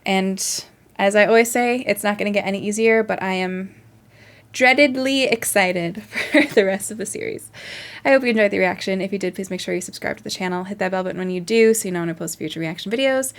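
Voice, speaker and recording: A woman's voice: medium pitch, fairly quick. A woman hosting a reaction video, talking casually in an earnest, emotional way and thinking aloud.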